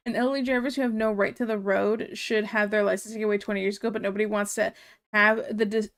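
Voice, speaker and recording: A woman streamer chatting casually and reading viewer comments aloud, ranting in an exasperated way and laughing often. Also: fairly high pitch.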